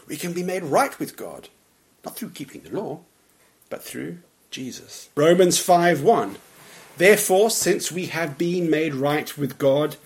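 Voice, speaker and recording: A man's voice: a little high, lively intonation, unhurried. Earnest preaching man. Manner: earnest, emphatic preaching with soft laughs and quiet drops at phrase ends. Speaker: pastor. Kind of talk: sermon. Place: church.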